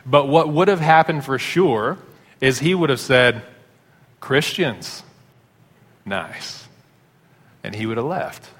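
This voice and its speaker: A man delivers a sermon in a relaxed, conversational storytelling manner. His voice sits at an ordinary middle pitch. It is heard in a church with a long, ringing reverb. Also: moderate pace, husky. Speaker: pastor.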